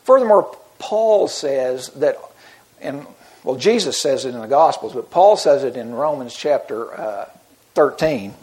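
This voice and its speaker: A man's voice: medium pitch, dark tone. A middle-aged man preaching a sermon in an earnest, conversational way, often restarting his sentences. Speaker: pastor.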